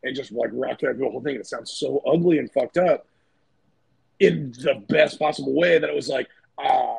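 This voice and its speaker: A man's voice: mid-range voice, normal speed, a little mellow, dry recording, poor audio. A man, a band's singer and guitarist, talking casually and loosely in a podcast chat, with lots of fillers and swearing. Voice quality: gravelly, husky voice. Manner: rambling, loose, swears often, many fillers.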